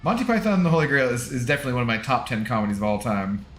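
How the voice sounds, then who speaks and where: A man's voice: mid-range voice, sing-song, rapid-fire, a bit bright. An American man streaming a game, casually chatting with his audience, laughing often and rambling with self-deprecating asides. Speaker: gaming livestreamer. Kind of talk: casual chat with stream chat while gaming. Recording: echoey room with faint music.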